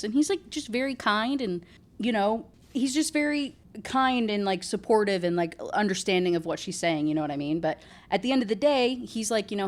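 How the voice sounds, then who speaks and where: A woman's voice: mid-range voice, lively intonation, moderate pace. A woman recapping a novel in a casual, rambling chat with sarcastic asides, saying "like" a lot. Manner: chatty, rambling, full of "like". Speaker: book reviewer.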